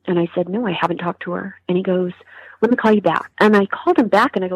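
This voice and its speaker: A woman, a grieving mother, telling her story in an interview in a halting way with many restarts. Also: mid-range voice, steady tone, husky, dry recording, poor audio. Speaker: mother of a murder victim, interview guest. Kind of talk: emotional interview testimony.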